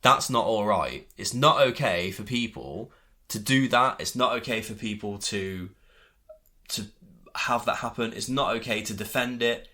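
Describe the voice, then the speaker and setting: A man talks in a loose, heated way and fills his speech with swearing. His voice is fairly low but bright and forceful. He often slips into mocking impressions of other people. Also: unhurried. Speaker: podcast co-host. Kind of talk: casual chat.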